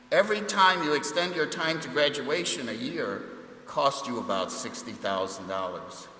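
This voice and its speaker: A man's voice: medium pitch, pushed and bright, slight background noise. A middle-aged man, a university administrator, giving a welcome speech with jokey stories in a large chapel. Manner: jokey storytelling. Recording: echoey chapel hall.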